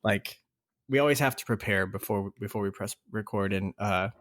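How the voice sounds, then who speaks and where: A man's voice: fairly low pitch, moderate pace, a bit bright. A man co-hosting a casual podcast, telling a story and laughing through his words. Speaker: podcast co-host.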